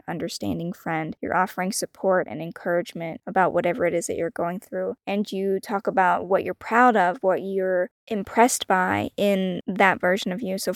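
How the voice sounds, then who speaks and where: Gentle woman with a gravelly edge. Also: mid-range voice, dry recording, clean studio sound. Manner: gentle, encouraging, laughs often. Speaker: podcast host. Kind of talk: solo wellness podcast talk.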